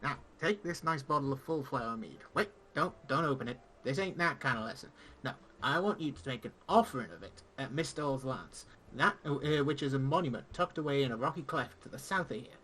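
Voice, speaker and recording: A man voicing a gruff old male tavern keeper and former lancer, reading game dialogue aloud with pirate-esque speech. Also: medium pitch, lively intonation, brisk, few pauses, bright, forceful tone, a little hiss or hum, low-quality recording. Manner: pirate-esque speech with dropped g's and "aye".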